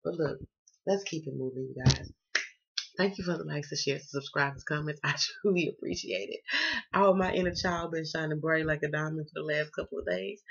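Her deep voice carries vocal fry and a slightly rough edge as she reads tarot. She's a Southern US woman chatting casually, playful and slangy, cussing freely. The sound is dull and lo-fi.

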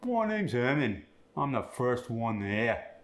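Give me a man playing a brash Cockney Londoner of middle pitch, saying lines in an echoey room. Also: very animated, takes it slowly. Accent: Cockney (put on). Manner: demonstrates example lines in a broad accent with tag questions. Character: cheeky adult male Cockney Londoner.

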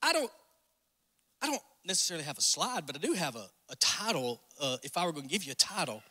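A pastor with a north Georgia Southern accent preaching a folksy, joking sermon in a church sanctuary. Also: male voice, on the high side, big pitch swings, quick pace, sharp tone, slightly rough. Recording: long reverb in a church hall.

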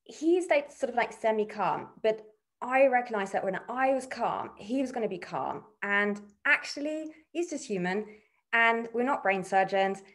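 A woman's voice: fairly high pitch, animated, normal speed, a bit bright. A middle-aged woman, a hospitality executive, casually telling an anecdote in an interview, full of fillers like "like" and "kind of". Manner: chatty, many fillers like "like" and "kind of".

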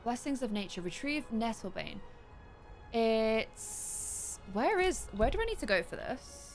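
Hoarse, excitable woman game streamer. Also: on the high side, unhurried, faint music behind. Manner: chatty, excitable, talks to herself while playing. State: losing her voice, hoarse. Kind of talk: casual gameplay chat with viewers.

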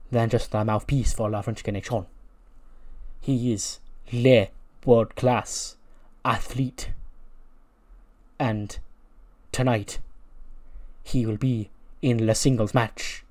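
A man's voice: mid-range voice, warm tone, lightly acted. A man voicing a cocky, theatrical French wrestling mouthpiece with an over-the-top French accent.

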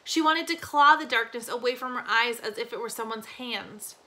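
A woman teacher reads a novel aloud with expressive pacing, lingering on key phrases. Her voice is somewhat high and notably bright. Small slips and restarts show it is read live. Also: moderate pace.

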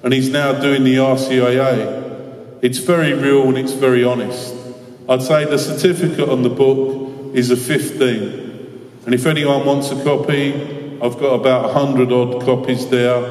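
An earnest man speaking at mid pitch, telling stories to a school assembly with a joking edge. His voice reaches the mic from a distance and rings through a large hall with a long reverb. The sound is roomy and diffuse. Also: flat delivery, moderate pace, a little mellow. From London, England. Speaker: guest speaker. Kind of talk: inspirational talk with storytelling. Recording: echoey hall from far off.

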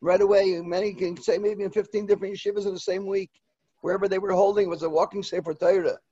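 Older rabbi, eulogy sermon; halting, repeats himself; slightly high voice, dull dry recording. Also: male voice, level tone, mellow, breathy edge, dry recording. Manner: halting, repeats words, mixes in Hebrew and Yiddish terms. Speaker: rosh yeshiva giving a eulogy.

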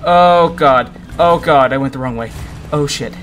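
A man's voice: mid-range voice, measured pace, fairly bright tone, slight background noise. A man commenting on his own horror game playthrough, jumpy and panicky, swearing and muttering to himself. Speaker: gaming YouTuber.

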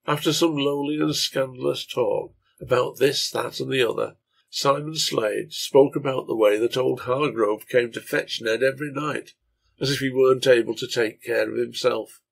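A man narrating a translated serial novel in a measured storytelling reading. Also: mid-range voice, fairly even intonation, creaky, breathy edge.

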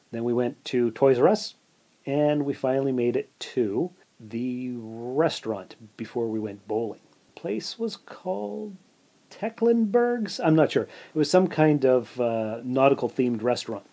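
A man's voice: medium pitch, moderate pace, mellow. A man hosting his own podcast, casually telling a rambling story full of asides and filler words. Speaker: podcast host.

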